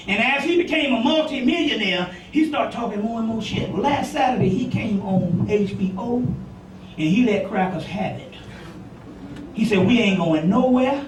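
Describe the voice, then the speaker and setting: A man's voice: sits high, animated, normal speed, slight background noise. A man giving a rambling, profane informal lecture to an audience, often asking "you see what I'm saying". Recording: echoey room, voice from far off.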